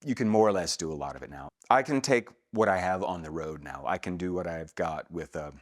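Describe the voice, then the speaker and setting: Deep-voiced man telling stories. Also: a little fast. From Atlanta, Georgia, USA. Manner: relaxed storytelling, laughs easily. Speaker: guest, voice actor. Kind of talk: casual interview.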